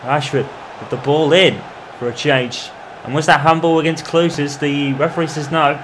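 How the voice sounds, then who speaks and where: A man commentating on his own football video game in the manner of a match broadcaster, calling the play and getting loud at goals. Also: fairly high pitch, fairly even intonation, normal speed, background noise. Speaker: gaming commentator. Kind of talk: mock football match commentary over gameplay.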